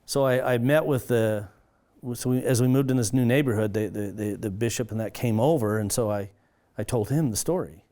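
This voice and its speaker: Pastor guy telling his story, earnest and kinda halting, lots of restarts, gets animated doing quotes. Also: medium pitch. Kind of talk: personal testimony storytelling.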